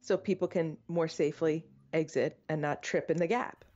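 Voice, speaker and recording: A woman co-hosting a podcast, trading quick jokes in casual chat. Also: deep voice, fairly even intonation, darkish tone, muffled recording. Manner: jokey, quick quips. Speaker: podcast co-host.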